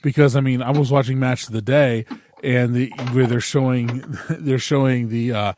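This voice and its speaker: A man hosting a casual sports podcast, telling stories in an animated, incredulous way. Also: medium pitch, normal speed, noisy background. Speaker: podcast host.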